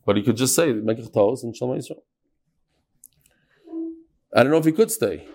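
A man's voice: medium pitch, animated, moderate pace, dark tone. Man, Talmud teacher, sing-song reading, quizzes students, close mic. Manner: questions students and sing-songs the quoted text. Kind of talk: Talmud class lesson.

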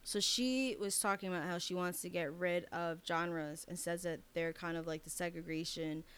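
A woman's voice: fairly low pitch, fairly even intonation, moderate pace, a bit bright, smooth. A woman co-hosting a podcast, chatting candidly and swearing freely. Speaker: podcast co-host. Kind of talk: casual chat.

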